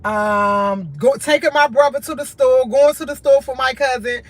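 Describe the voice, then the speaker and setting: A woman's voice: high-pitched, normal speed, dry recording, faint music behind. A tired woman, talking candidly and earnestly to her livestream viewers in short, repeated phrases. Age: adult with a school-age son, in college. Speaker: livestream host.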